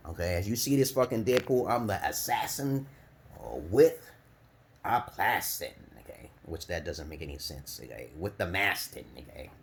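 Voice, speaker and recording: A man from Brooklyn, New York, ranting to camera with profane, blunt advice. He restarts sentences, keeps asking "okay?", and swings between forceful outbursts and low mutters. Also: lively intonation, normal speed, a little hiss or hum. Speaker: vlogger giving life advice. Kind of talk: profane rambling rant to camera.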